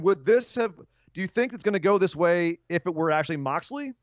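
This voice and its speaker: A man's voice: high voice, expressive, brisk, no echo, lo-fi sound. Joking male podcast host, dry sound. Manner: joking, ribbing his co-host. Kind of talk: casual wrestling podcast chat.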